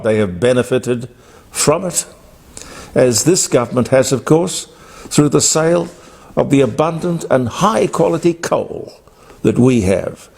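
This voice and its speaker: A man's voice: medium pitch, creaky, darkish tone. Australian male radio host, blunt and emphatic, rambling opinion talk.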